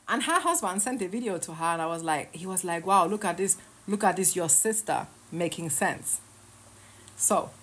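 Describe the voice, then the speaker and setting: A woman's voice: mid-range voice, fairly bright tone, slightly rough. A woman in her thirties ranting casually to camera from her bed, sarcastic and heated, swearing and laughing between jabs. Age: 30s. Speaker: online creator. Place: lying in her bed at home.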